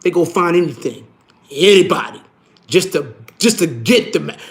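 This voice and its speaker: A middle-aged man chatting casually on a livestream, animated and slangy, swearing often. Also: a little high, moderate pace. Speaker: livestream host.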